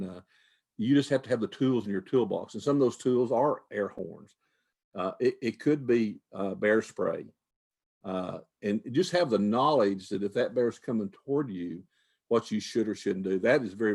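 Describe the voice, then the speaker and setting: An older man, a retired wildlife manager, answering questions in a folksy, conversational way with frequent restarts. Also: mid-range voice. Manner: folksy, repeats words, restarts phrases.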